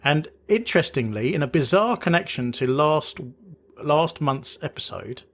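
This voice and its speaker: A man's voice: a little high, sing-song, moderate pace, fairly bright tone. Rambling, joking male podcast host. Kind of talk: casual chat.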